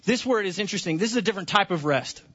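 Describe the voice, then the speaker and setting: A man preaching a sermon to his congregation, passionate, dropping to hushed tones and then rising to near-shouts. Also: high voice, animated, rapid-fire, highs cut off. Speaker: pastor.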